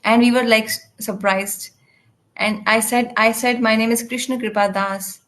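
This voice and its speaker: Woman with a slightly high voice, live interpreter for a spiritual class, halting delivery with restarts. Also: steady tone, a bit bright, low-quality recording. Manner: halting, with frequent restarts and fillers. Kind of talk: live translation of a devotional lecture.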